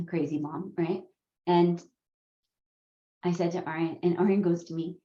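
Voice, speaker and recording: A woman's voice: lowish voice, a little slow, long pauses. A woman leading a coparenting course, telling a story about her sons and acting out their voices. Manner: animated, acts out her kids' voices with laughs. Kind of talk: storytelling to a class. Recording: roomy, dull lo-fi sound.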